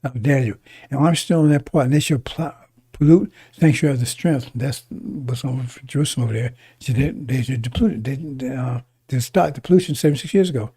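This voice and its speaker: Male preacher, husky dark voice, reads verses and breaks them down casually. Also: mid-range voice, fairly quick. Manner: reads verses then explains in casual speech, many restarts and "right?". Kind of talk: sermon, reading scripture with commentary.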